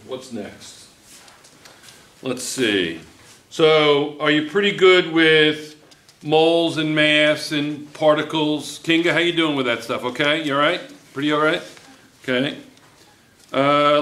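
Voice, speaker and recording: A man's voice: fairly high pitch, fairly bright tone, a little hiss or hum. A man teaching a chemistry review class, coaxing students with question after question. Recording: echoey classroom.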